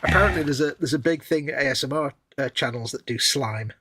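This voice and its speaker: A man's voice: mid-range voice, brisk, noisy background. A man co-hosting a live stream, chatting casually and wryly while building models. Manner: chatty, rambling, wry.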